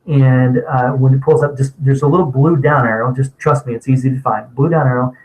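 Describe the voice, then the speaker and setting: A man giving an online training webinar in a loose, chatty way. He rambles, says what he thinks bluntly, and fills his talk with ums and restarts. His voice sits at a middle pitch for a man. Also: steady tone, a little fast, darkish tone, rough recording. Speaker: marketing webinar presenter. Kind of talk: casual spoken webinar teaching.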